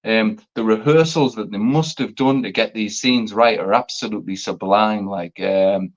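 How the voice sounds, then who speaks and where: A man's voice: on the low side, normal speed. Rambling, passionate man on a lo-fi mic. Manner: passionate, rambling, swears freely. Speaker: podcast co-host. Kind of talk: casual chat.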